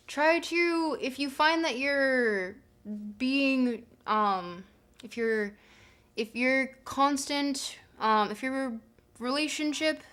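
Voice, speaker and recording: Rambling woman streamer, slightly high voice. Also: fairly bright tone. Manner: rambling, filler-heavy, thinking aloud. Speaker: livestream host. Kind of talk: casual livestream chat.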